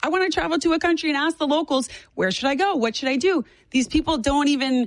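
A woman in her twenties, a guest on a talk show, talking fast and animatedly with strong opinions. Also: high-pitched, dry recording. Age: 20s. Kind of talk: casual political chat.

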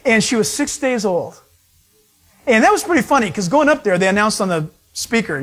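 Male pastor, higher register, animated storyteller who mimics voices while preaching. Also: quick pace. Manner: animated storytelling, acts out voices of people he met. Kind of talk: sermon.

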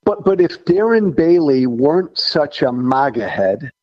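A man's voice: a little high, sing-song, measured pace, no room sound, dull audio. A man who once served in Congress, giving blunt, folksy political opinions in an interview. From Illinois. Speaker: former congressman guest.

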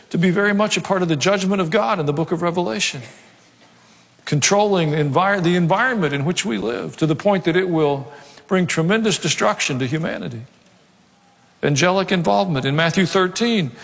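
A middle-aged pastor preaching a sermon, conversational, with asides and dry humor. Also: male voice, on the high side, vocal fry. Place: church sanctuary. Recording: long reverb of a hall.

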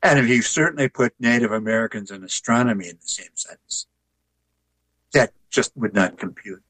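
An older man, an author and artist, telling stories in a relaxed, folksy interview. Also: lowish voice, normal speed, no room sound, rough recording. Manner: folksy, tells jokes with put-on voices.

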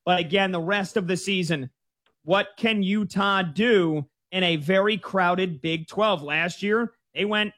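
A man with a high-pitched voice hosts a college football betting preview. He moves briskly through records, names and point spreads before passing the question to his co-host. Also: fairly bright tone. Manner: brisk, stat-heavy rundown. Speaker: sports show host. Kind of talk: sports betting preview chat.

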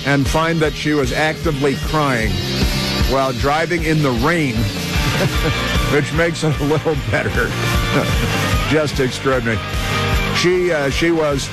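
A man's voice: on the high side, moderate pace, over loud music. A man hosting a talk radio show, telling a rambling story in a casual monologue and laughing mockingly along the way.

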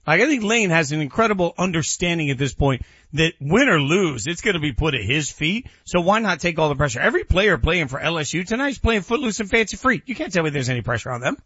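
Husky man making emphatic sports points. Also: on the high side, big pitch swings, fast, few pauses, fairly bright tone, dry recording, lo-fi sound. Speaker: sports talk show co-host. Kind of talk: casual sports debate.

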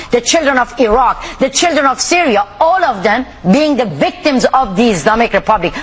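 High-voiced, forceful woman from Iran. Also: husky. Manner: forceful, indignant, emphatic. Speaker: activist guest. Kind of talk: interview.

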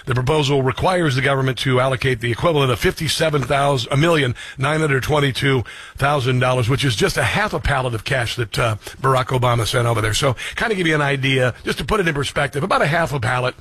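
Male talk host, husky voice, dry close sound, blunt and combative, headline reading with riffs. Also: mid-range voice, fast, a bit bright, no room sound. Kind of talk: opinionated talk radio commentary.

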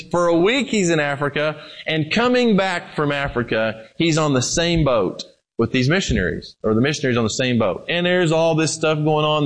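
Guy preaching a sermon, chatty, pushes hard then goes quiet and low. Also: low-quality recording. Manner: conversational preaching, swinging from loud emphasis to quiet lows.

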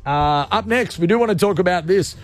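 A man's voice: high-pitched, brisk. A man hosting a casual talk radio show in loose, cheeky banter. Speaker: radio host.

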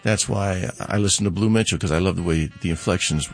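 A man's voice: sits low, a little fast, faint music behind. A middle-aged man, a musician guest on a radio show, explaining in an easygoing way with frequent restarts. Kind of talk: relaxed interview talk. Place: radio studio.

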